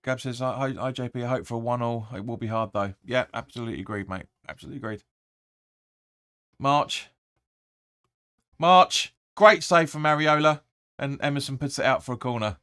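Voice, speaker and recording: A man hosting a live football watch-along, rambling through the play and sometimes shouting at the players. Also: medium pitch, racing, few pauses, no room sound, studio quality. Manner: rambling, restarts often, erupts when urging players. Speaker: fan channel host.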